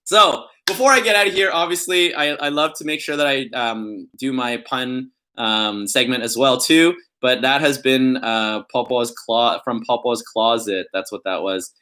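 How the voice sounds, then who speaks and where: A man's voice: mid-range voice, moderate pace, hardly any pauses, bright, forceful tone. Young male vlogger, casual and playful, laughs easily, hams up jokes. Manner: playful, giggly, reads puns in a put-on emphatic voice. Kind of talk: casual vlog chat.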